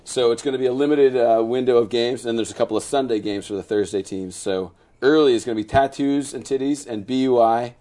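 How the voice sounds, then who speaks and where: A man's voice: mid-range voice, steady tone, fairly quick, hardly any pauses, warm tone. A man co-hosting a casual podcast chat, reading out a list of upcoming bowling league matchups. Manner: reads out a list of team matchups. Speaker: podcast co-host, league schedule reader.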